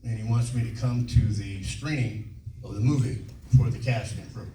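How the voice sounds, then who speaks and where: On a convention panel, a guest in his sixties swaps loose, profane anecdotes punctuated by plenty of laughter, casual storytelling from the stage. His pitch is fairly low and his speed normal. Faint hiss and a distant mic betray the echoey hall.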